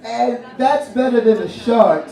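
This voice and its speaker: A man's voice: extremely high pitch, a little slow, gravelly. A man co-hosting a live poetry night, joking with silly wordplay and rallying the audience in a bar venue. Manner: playful, silly wordplay, hyping the crowd. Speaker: poetry show co-host. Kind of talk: live hosting and playful rhyming. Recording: echoey room from a distant mic with loud crowd.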